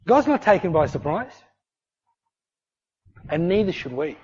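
A man preaching a sermon in a conversational, animated way, acting out little voices in his stories. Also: high voice, a little slow, breathy edge. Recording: dull lo-fi recording.

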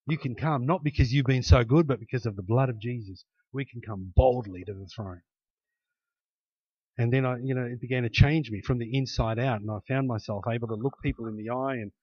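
A man's voice: medium pitch, darkish tone, dry recording, lo-fi sound. A man preaching a conversational sermon, telling stories and acting out the voices of the people in them, then building to emphatic exhortation. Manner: earnest storytelling, acts out quoted voices, builds to emphatic exhortation.

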